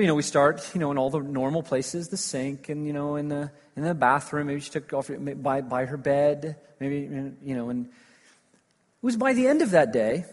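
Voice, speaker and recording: A man preaching a sermon, telling stories with lively emphasis that swings between loud declarations and hushed asides. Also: fairly high pitch. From United States. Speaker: pastor. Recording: long hall reverb.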